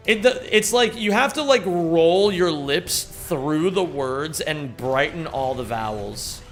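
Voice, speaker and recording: A man with a notably high voice talks to his live-stream audience at an easy, drawn-out pace. He rambles casually between topics and greets viewers by name as he plays. Faint music sits quietly under his voice. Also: animated. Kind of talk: live-stream chat while speedrunning.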